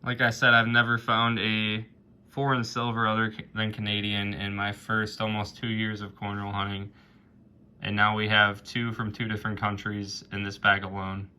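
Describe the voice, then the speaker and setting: A man narrating his own coin hunting video in a casual, excited way, often calling out to viewers as "guys". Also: on the low side, normal speed, clear, resonant tone. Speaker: coin roll hunting vlogger.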